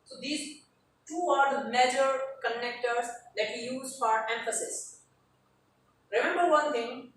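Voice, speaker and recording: Woman writing teacher, high voice, lecture delivery, step-by-step and repetitive, echoey far-off room recording. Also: unhurried, a little hiss or hum. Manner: explains step by step, repeating key terms. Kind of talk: classroom lecture.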